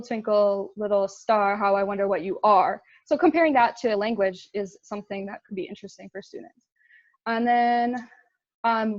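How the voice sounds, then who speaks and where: A woman's voice: medium pitch, darkish tone, no echo, muffled recording. A young woman giving a casual intern presentation, chatty, with fillers and laughs at her own slips.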